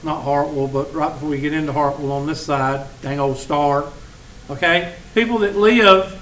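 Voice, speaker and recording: A man's voice: on the high side, normal speed, fairly bright tone, a little hiss or hum, rough recording. A man, a college instructor talking casually and teasing his class in a classroom. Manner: folksy, teasing storyteller.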